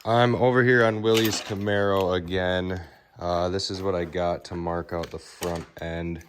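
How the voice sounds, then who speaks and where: A man's voice: sits low, little pitch movement, a little slow, a little hiss or hum. A young man working as a car fabricator, casually rambling through a shop vlog with lots of fillers. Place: car workshop.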